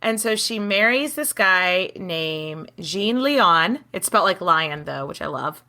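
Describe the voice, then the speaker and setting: A woman co-hosting a podcast, telling a story in animated casual chat and swearing freely. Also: lowish voice, takes it slowly. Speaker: podcast co-host.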